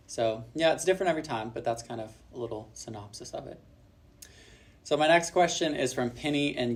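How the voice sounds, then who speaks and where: A young man from Kentucky, a singer-songwriter, reading out fan questions and answering them in a relaxed, friendly way with plenty of ums. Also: medium pitch.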